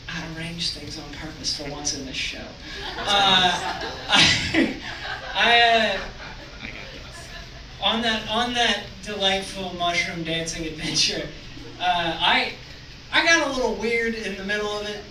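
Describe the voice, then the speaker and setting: High-voiced guy rambling onstage, echoey and kinda distant. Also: normal speed, noisy background. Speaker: stand-up comedian. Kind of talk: stand-up set. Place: comedy club stage.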